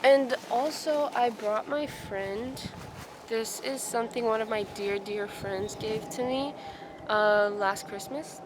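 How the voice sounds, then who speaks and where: A young woman chats into the camera in a soft, reflective, rambling way, often trailing off and correcting herself. She records outdoors in a forest. Clear forest ambience sits audibly behind her voice. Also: fairly high pitch, takes it slowly, background noise. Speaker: vlogger. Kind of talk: casual vlog chat.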